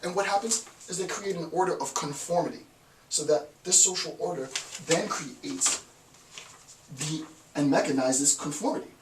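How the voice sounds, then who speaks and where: A man giving an informal philosophy lecture, emphatic and forceful, often checking in with "right?". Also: on the high side, normal speed, background noise. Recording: echoey room, voice from far off.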